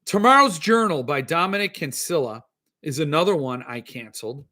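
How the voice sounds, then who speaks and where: Animated bright-voiced male podcast host. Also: on the high side, moderate pace. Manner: ranting, exasperated, animated. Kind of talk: casual solo podcast reading chat comments.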